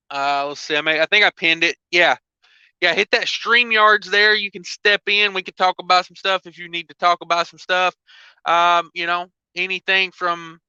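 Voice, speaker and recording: A man's voice: a little high, sharp tone, clear, resonant tone, no room sound. A man hosting a trucking livestream in casual, rambling chat full of fillers. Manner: rambling, filler-heavy, laid-back. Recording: dull lo-fi dry sound.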